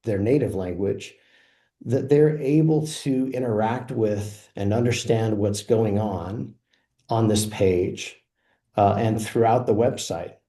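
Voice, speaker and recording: This fairly low-voiced man presents software, slowly and easily explaining each feature of the demo as he clicks along. There's a noticeable echo, as if he's recording in a large room.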